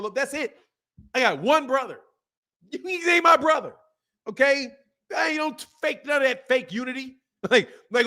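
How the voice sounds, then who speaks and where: A man with a very high-pitched, pushed and bright voice speaks at a moderate pace. He hosts a boxing channel livestream, reading super chats, chatting casually, laughing often and mimicking other people.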